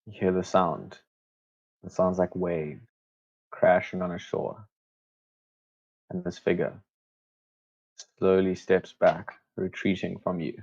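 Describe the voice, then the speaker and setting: A man narrating a tabletop game as game master, slow, measured and hushed. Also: deep voice, level tone, slightly rough, muffled recording.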